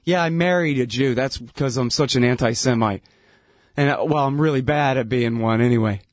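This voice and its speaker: A man's voice: normal speed, no room sound, clean studio sound. A man ranting in a casual, sarcastic way, laughing between points and mocking others in whiny voices. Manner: mocking, breaks into whiny falsetto impressions.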